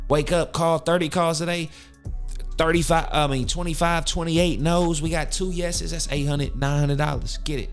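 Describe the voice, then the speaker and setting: A man hosting a podcast, giving a hyped-up, preachy motivational talk full of cussing. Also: mid-range voice. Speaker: podcast host.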